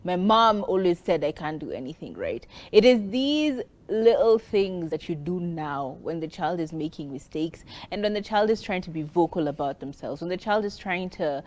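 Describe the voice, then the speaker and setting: A woman's voice: fairly low pitch, lively intonation, moderate pace, few pauses, a little mellow. A woman co-hosting a talk show, giving earnest parenting advice in a casual discussion. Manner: earnest, advice-giving, acts out quoted children.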